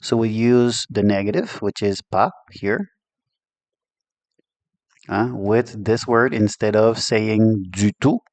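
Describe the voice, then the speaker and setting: A man's voice: on the low side, takes it slowly, long pauses, a little mellow, no echo. Joking man with a Quebec French accent. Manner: chatty and joking, laughs often, switches between English and French. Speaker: language teacher. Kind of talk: casual online language lesson.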